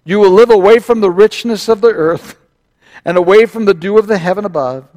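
An aged father solemnly pronounces blessings over his sons, the voice lifted and weighty, as a male preacher gives him voice. It is read aloud from scripture with gravity. The words come measured and declamatory. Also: high voice, darkish tone, long reverb tail, pitched above the performer's own voice, lightly acted. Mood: grave. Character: old blind father, solemn and shaken.

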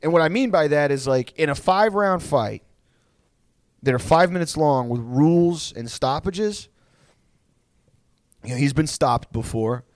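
A man's voice: fairly high pitch, expressive, a little slow, long pauses, no echo. A man hosting a podcast in casual chat, rambling storytelling with lots of swearing and restarts. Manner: rambling, profane, many restarts. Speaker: podcast host.

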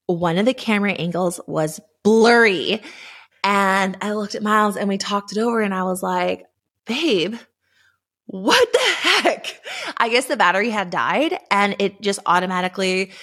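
A young pregnant woman hosting a podcast, telling a personal story in an earnest, emotional and animated way. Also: lowish voice, vocal fry. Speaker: podcast host.

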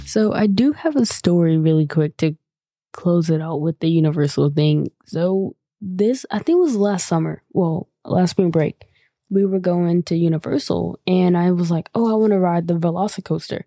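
A woman's voice: lowish voice, normal speed, warm tone, no echo, clean studio sound. A woman podcast host telling a personal story in a rambling, casual way, full of fillers and the odd swear.

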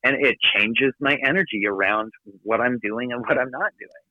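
A man giving an energetic, emphatic motivational talk from his office as a podcast guest. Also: medium pitch. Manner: energetic, emphatic, rapid coaching delivery. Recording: dry, phone-like narrow sound.

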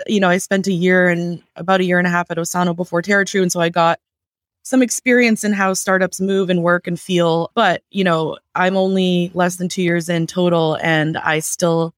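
A woman's voice: medium pitch, no echo, clean studio sound. Enthusiastic rambling woman guest. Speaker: podcast guest. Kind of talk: casual podcast chat.

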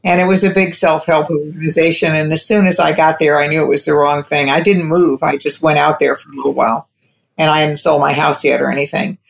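A woman's voice: deep voice, little pitch movement, a little fast, gravelly. A woman telling a personal story to an interviewer, rambling, restarting sentences, and quoting what others said. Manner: rambling, with frequent restarts and quoted dialogue. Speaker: interview guest.

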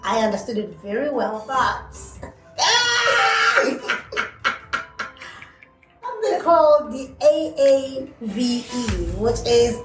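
A woman from South Africa with a South African accent, co-hosting a casual chat in a brisk, teasing way and often laughing. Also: sits high, animated, reverberant, far from the mic, music in the background, poor audio. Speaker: podcast co-host.

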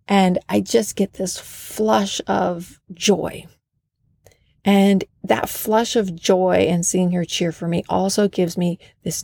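A woman's voice: fairly low pitch, vocal fry, dark tone, no echo. A woman hosting a podcast, telling a personal story in an earnest, enthusiastic way. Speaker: podcast host.

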